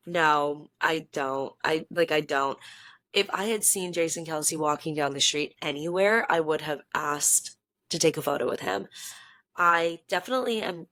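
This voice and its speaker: A young woman in her twenties telling a story in a casual vlog, chatty and animated, laughing often and correcting herself as she goes. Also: low voice, moderate pace, dry recording. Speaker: vlogger.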